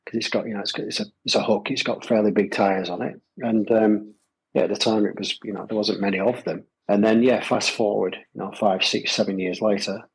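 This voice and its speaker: Gravelly man chatting loosely. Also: lowish voice, fairly even intonation, a little fast, low-quality recording. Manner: rambling, lots of fillers and repeated phrases. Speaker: podcast guest, gravel shop owner. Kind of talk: casual conversational storytelling. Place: Adelaide Hills, South Australia.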